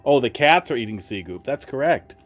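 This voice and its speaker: This streamer has an animated, medium-pitched voice and a brisk pace, along with a slight Wisconsin accent. Between casual chat with viewers, he talks to his cats in a sing-song voice, and faint music plays behind him.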